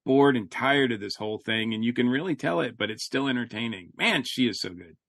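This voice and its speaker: Halting male podcast co-host, dry sound. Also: mid-range voice, vocal fry, fairly bright tone, dry recording. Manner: halting, many fillers and restarts. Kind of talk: casual chat.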